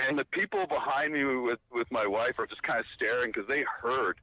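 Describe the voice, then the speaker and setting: A man spins a rambling anecdote, his pitch swinging widely and his tone bright and forward. He stumbles over restarts and fillers as he goes. The clip sounds dry and slightly dull, like a lo-fi recording. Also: expressive, normal speed, no room sound. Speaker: storyteller. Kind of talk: casual anecdote.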